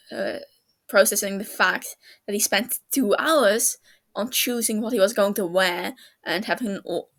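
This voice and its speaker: A woman reading fan fiction aloud, narrating the scenes in an even storytelling manner. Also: medium pitch. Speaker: podfic reader.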